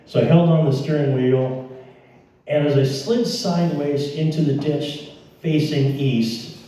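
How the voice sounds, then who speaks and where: Speaking unhurriedly in a somewhat high voice with a dark tone, a Midwestern man dramatically retells a personal story to an audience. He quotes the dialogue and addresses the listeners directly, and the echoey recording places him far from the mic.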